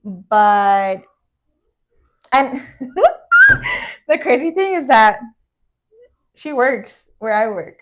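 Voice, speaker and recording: A woman's voice: high voice, wildly swooping pitch, very slow, pauses often, fairly bright tone, slight background noise. Candid young woman telling a story. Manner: candid, storytelling with frequent "like" fillers and swearing. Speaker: podcast co-host. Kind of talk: casual chat.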